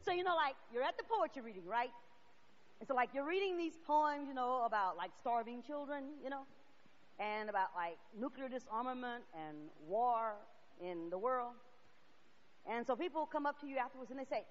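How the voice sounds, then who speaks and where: A woman's voice: high voice, sing-song, moderate pace, muffled recording. A middle-aged woman poet performing spoken word on stage, chanting rhythmic refrains.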